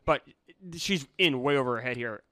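A man co-hosting a casual film-review chat, animated and incredulous as he teases his co-host. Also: medium pitch, normal speed, no echo, clean studio sound. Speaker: podcast co-host.

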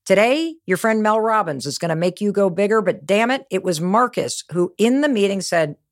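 A woman's voice: medium pitch, expressive, moderate pace. A middle-aged woman giving a motivational talk, telling stories with energy and emphasis. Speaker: motivational speaker.

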